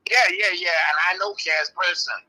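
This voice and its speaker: An older man, calmly and firmly explaining history as an interview guest. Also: high voice, rough recording. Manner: firm, measured, explaining insistently. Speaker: interview guest, early hip-hop practitioner. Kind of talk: live online interview.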